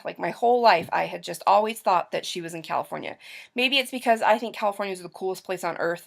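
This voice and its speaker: A woman's voice: lowish voice, gravelly. A young woman from Utah telling a personal story to her camera in a chatty, rambling way, full of fillers and restarts. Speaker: vlogger.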